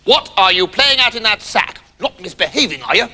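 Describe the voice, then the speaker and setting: A man's voice: high-pitched, sing-song, a little fast, pushed and bright, in a large hall, heavily acted. A man voicing a stern, pompous schoolteacher who scolds and threatens thrashings. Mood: scolding. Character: stern, cane-happy old male schoolteacher.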